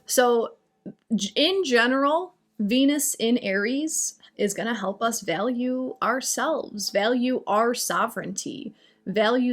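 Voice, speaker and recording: A woman's voice: a little high, slow. A woman on a live stream talking about astrology and answering viewer comments in a chatty, reassuring way. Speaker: astrology and oracle reader.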